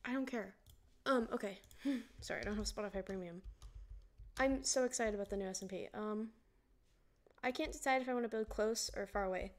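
A woman's voice: mid-range voice, brisk. A young woman streaming a game, chatting casually and rambling while greeting her viewers. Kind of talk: casual livestream chat while gaming. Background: music playing.

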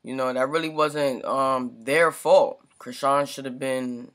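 A man's voice: medium pitch, fairly even intonation, a little slow, a bit bright. A man hosting a reaction video, giving casual slangy commentary. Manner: slangy, says bro a lot. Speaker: reaction channel host.

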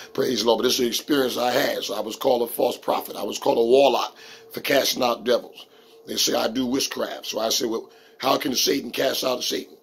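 A man preaching a sermon as a street pastor, emphatic and slowing down to read scripture verses. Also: medium pitch, creaky, fairly bright tone, slightly rough.

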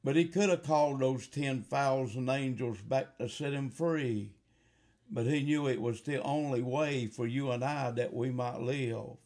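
A gravelly-voiced man delivers a fiery revival sermon. He speaks slowly and deliberately, then rises to loud, impassioned appeals. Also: medium pitch. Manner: slow, building to shouted fervor. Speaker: preacher.

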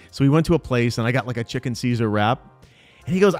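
A man's voice: medium pitch, a little fast, soft background music. A man in his forties co-hosting a podcast, telling a story in casual chat and acting out the people he quotes. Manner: animated storyteller, acts out quotes. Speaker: podcast co-host.

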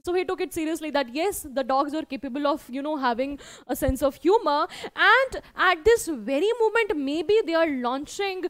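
A woman's voice: high voice, lively intonation, moderate pace. A woman teacher, explaining a story in an online class with lots of "you know" fillers. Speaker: English teacher.

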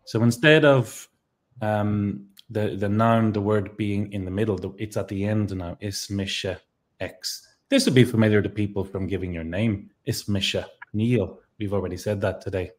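Irish man explaining grammar, lowish voice. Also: fairly even intonation, moderate pace. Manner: thinks aloud with many ums and restarts. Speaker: Irish language teacher. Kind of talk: explaining grammar in a relaxed two-person lesson.

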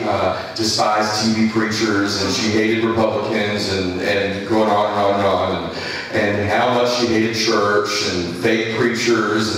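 A pastor telling a rambling sermon story with many restarts. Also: male voice, fairly low pitch, fairly bright tone, slight background noise. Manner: rambling anecdotal delivery with restarts. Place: church. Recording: echoey church hall from a distance.

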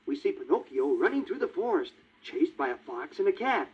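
A man narrating a read-along children's storybook in a lively, child-friendly way. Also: fairly high pitch, brisk, breathy edge. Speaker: storybook reader. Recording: tinny 1950s vinyl record.

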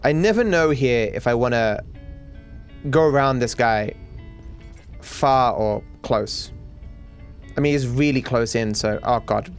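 A man's voice: mid-range voice, slow pace, long pauses, soft background music. Anxious Australian man narrating gameplay. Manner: anxious, stammering, swings into panicked outbursts. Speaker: video game streamer. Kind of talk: live gameplay commentary.

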